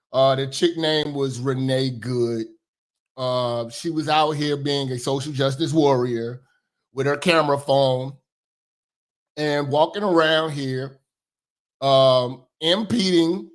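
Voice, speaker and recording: A man from hosting a casual commentary livestream, slangy and profane, swinging between loud shouting and low muttering and repeating phrases for emphasis. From Chicago. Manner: profane, slangy street talk. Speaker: commentary show host.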